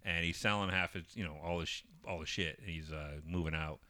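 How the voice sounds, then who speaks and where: Middle-aged man, very low voice, sharp bright tone, animated storyteller, casual swearing. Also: fast talker. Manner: animated, swears freely, acts out quoted voices.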